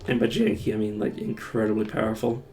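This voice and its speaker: A man's voice: on the low side, animated, fast, gravelly, darkish tone. A man streaming a game live, thinking aloud in a rambling, self-mocking way. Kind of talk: casual live-stream gameplay commentary.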